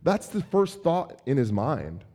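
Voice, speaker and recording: A man in his thirties preaching a sermon as pastor, conversational and animated, with playful asides. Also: mid-range voice, unhurried.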